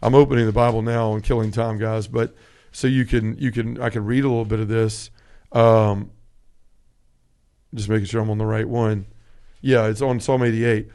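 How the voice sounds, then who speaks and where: A man's voice: fairly low pitch, level tone, normal speed, pauses often, a little mellow, smooth. A man hosting a casual conversational podcast, speaking in an earnest, heartfelt way with frequent restarts and self-corrections. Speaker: podcast host.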